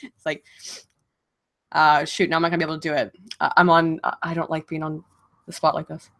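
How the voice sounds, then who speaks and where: A woman's voice: low voice, flat delivery, a little fast, fairly bright tone. A woman from Virginia and Baltimore answering viewer questions on a casual livestream, blunt and profane, laughing often, on a desk mic at home.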